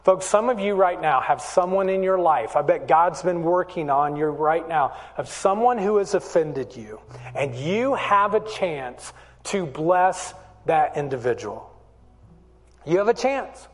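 A man's voice: a little high, expressive, a little slow. A man preaching a sermon, telling a personal story and then urging his listeners earnestly. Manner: storytelling, earnest, rising to urgent appeals. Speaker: pastor. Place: church hall. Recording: long hall reverb.

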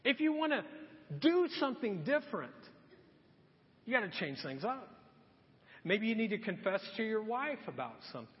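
A man's voice: high-pitched, very animated, moderate pace, pauses often. A middle-aged man preaching a sermon, earnest and exhorting, repeating his key questions. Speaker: pastor. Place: church sanctuary. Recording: dull sound with long church reverb.

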